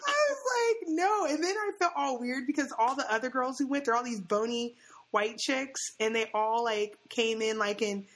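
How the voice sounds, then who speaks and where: A young woman chatting casually and telling a story in a slightly high voice. She talks in an animated way, laughs a lot and acts out what people said to her. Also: normal speed.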